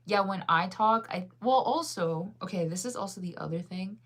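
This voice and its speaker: A woman's voice: medium pitch, moderate pace, a bit bright. A young woman vlogging in a casual, rambling chat, enunciating her words fully and laughing often.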